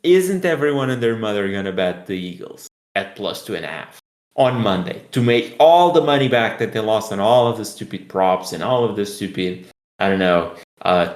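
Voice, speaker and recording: A man's voice: lowish voice, animated, moderate pace. A man co-hosting a casual sports betting podcast, teasing his co-host and joking about his picks.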